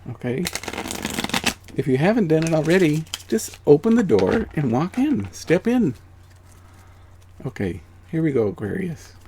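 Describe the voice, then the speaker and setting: A man with a slightly high voice reads angel cards for viewers, unhurried and pausing often, over a faint hiss or hum. Emotional, sincere, and encouraging, he dips to hushed near-whispers and climbs to excited emphasis, repeating phrases and regularly asking "okay?"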